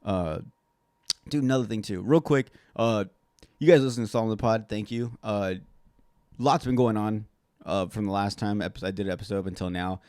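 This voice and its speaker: A man's voice: lowish voice, fairly quick, darkish tone, clear, resonant tone, dry recording, studio quality. A man hosting a solo podcast, ranting in a sarcastic, rambling way and swearing constantly. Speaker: podcast host.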